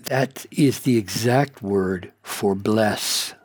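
A man preaching a sermon, asking rhetorical questions and growing emphatic as his pitch climbs high. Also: extremely slow, slightly rough, no echo.

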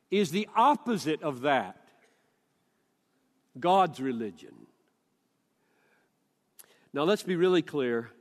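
An older man preaching a sermon, emphatic and deliberate, quoting scripture at length. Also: fairly high pitch, in a large hall.

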